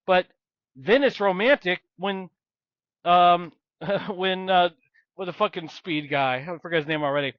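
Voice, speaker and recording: A man's voice: sits high, a little slow, clear, resonant tone, no room sound, muffled recording. Blunt, rambling man on a podcast. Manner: rambling, emphatic, blunt complaints. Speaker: podcast co-host. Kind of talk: casual film discussion.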